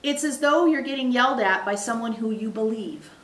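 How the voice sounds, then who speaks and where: A woman channeler, slightly high-pitched and slightly fast, speaks as "we" on behalf of a spirit group. She gives an emphatic, animated teaching to a small live audience in an echoey room.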